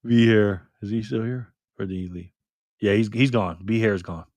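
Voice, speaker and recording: A man hosting a live stream in a loose, joking way, reading the chat messages out loud. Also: fairly low pitch, normal speed, no echo. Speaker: livestream host.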